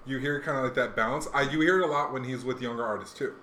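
A man's voice: medium pitch, fast, sharp tone, a little hiss or hum. A man chatting casually about rap music, rambling with many fillers and restarts. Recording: echoey room.

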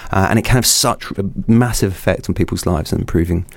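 A man's voice: low-pitched, fast talker, gravelly, no room sound. A man appearing as a guest clinician, explaining things thoughtfully in conversation, with restarts and "kind of" fillers.

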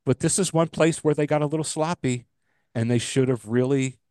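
A man's voice: mid-range voice, a little fast, warm tone, clean tone, no room sound, clean studio sound. An older man, co-hosting a podcast in casual, rambling, emphatic chat. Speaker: podcast co-host.

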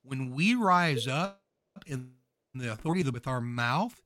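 A man speaking as a guest minister, preaching with fervor and building to emphatic shouts. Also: medium pitch, lively intonation, a little slow. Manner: emphatic, rises to shouting peaks. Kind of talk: fervent preaching talk.

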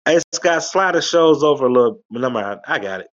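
Man, radio host, rambling laid-back monologue, lively pitch, dull lo-fi sound. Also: brisk. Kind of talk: casual monologue. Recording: lo-fi internet radio audio.

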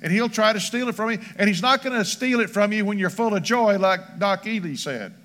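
A man's voice: sits high, brisk, fairly bright tone. A man preaching a sermon as pastor, emphatic and rhythmic, reading scripture aloud. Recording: long church hall reverb.

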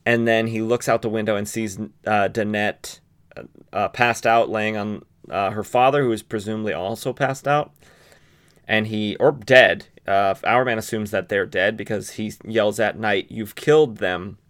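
A man hosting a podcast, recapping a comic book in a relaxed, casual way with frequent fillers and asides. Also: fairly low pitch, moderate pace, smooth. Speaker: podcast host.

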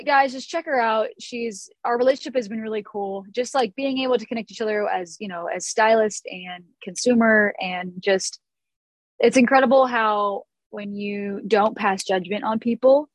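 A woman hosting a casual chat, relaxed and talkative, with a bit of casual swearing. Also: a little high, dry recording, poor audio. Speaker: host, hair stylist.

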